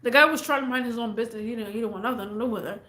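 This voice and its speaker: A woman's voice: fairly high pitch, rapid-fire, sharp tone, roomy sound. A woman vlogger casually and animatedly retelling a neighbor story, rambling as she goes.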